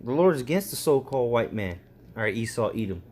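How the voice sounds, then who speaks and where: A man's voice: medium pitch, sing-song, quick pace, darkish tone. A man giving loose, slangy commentary on scripture verses, ending his sentences with "man.". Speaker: street preacher.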